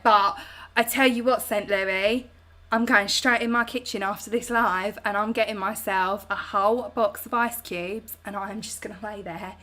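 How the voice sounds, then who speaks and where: A woman's voice: medium pitch, pushed and bright. A chatty woman with a British English accent, hosting a home livestream and answering viewer comments in a bubbly, slangy way. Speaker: host. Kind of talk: casual chat reading viewer comments on a livestream.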